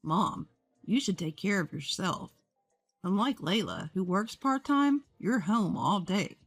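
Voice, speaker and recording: A woman's voice: mid-range voice, expressive, unhurried, husky, soft background music. A woman reading an earnest young husband. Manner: earnest, reasonable. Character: fair-minded young adult husband.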